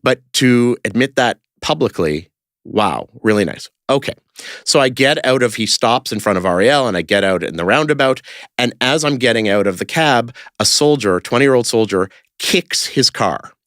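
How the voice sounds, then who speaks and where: A man's voice: mid-range voice, animated, moderate pace, fairly bright tone, no echo, clean studio sound. A man talking casually as a podcast guest, telling stories in a rambling way with lots of fillers and restarts. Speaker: interview guest, creator of a street-question video project.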